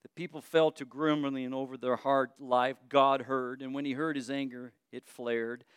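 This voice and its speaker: A man preaching a sermon in an expressive, conversational way, often asking his listeners questions. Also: medium pitch, moderate pace, clean tone, dry recording, clean studio sound.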